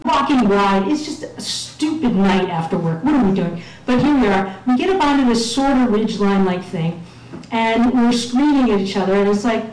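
Woman storyteller, wry and self-mocking, slightly high voice, recorded in a room from afar. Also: a little mellow. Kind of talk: live personal storytelling. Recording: echoey room, mic at a distance.

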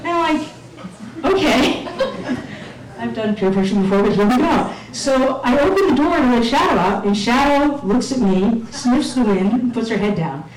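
Woman storyteller, wry and self-mocking, slightly high voice, recorded in a room from afar. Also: expressive, normal speed, few pauses, a little mellow. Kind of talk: live personal storytelling. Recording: echoey room, mic at a distance.

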